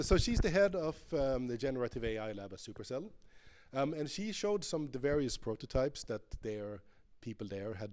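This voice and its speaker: A man's voice: mid-range voice, a little mellow. A man speaking from a conference stage in a loose, chatty keynote. He thinks aloud as he goes, with plenty of ums and restarted sentences. His delivery stays playful and informal. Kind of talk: conference keynote with live game demo.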